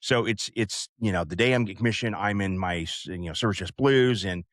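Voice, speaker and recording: Deep-voiced man telling an old story. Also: brisk, a bit bright, dry recording, clean studio sound. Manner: rambling, many fillers and asides. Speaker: podcast host. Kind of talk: casual storytelling.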